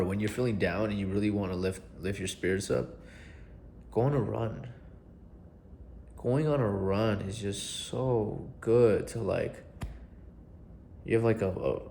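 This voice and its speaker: A man's voice: fairly low pitch, vocal fry, a little mellow, slight background noise. A young adult man coaching viewers in a casual vlog, earnest and blunt, swearing casually and repeating himself for emphasis. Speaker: self-help coach.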